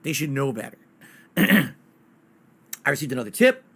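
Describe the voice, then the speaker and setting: A man's voice: mid-range voice, sing-song, slow pace, a bit bright, husky. A man streaming games live, chatting casually and ranting bluntly with plenty of swearing. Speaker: game streamer.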